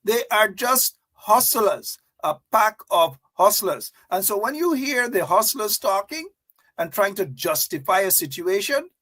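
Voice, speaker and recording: A man's voice: sits high, big pitch swings, unhurried, sharp tone. A man hosting political commentary, mocking and emphatic, repeating points for effect. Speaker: host.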